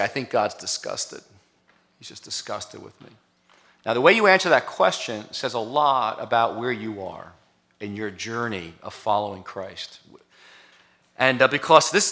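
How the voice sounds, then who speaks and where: Bright-voiced male pastor preaching. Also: mid-range voice. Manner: conversational preaching, rising to emphatic. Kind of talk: sermon. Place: church sanctuary.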